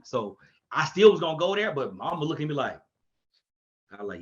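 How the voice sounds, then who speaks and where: Guy telling old football stories, gets loud doing other people's lines, kinda muffled lo-fi audio. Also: mid-range voice, a little fast, pauses often. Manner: animated, acts out quotes in a raised voice. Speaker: podcast guest, coach. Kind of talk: casual storytelling chat.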